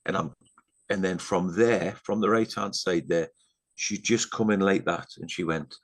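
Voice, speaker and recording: A middle-aged man with a very deep voice, talking as a podcast guest. He rambles through fillers and asides in casual chat. He often sinks into a hushed, earnest tone. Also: steady tone, normal speed. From England.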